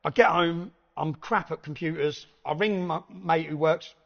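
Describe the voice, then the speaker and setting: Man, casual storytelling, swears, laughs often, fairly high voice, muffled lo-fi sound. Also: measured pace, creaky. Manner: animated storyteller, swears freely, laughs between lines. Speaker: podcast guest. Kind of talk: casual anecdote telling. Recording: dull lo-fi recording.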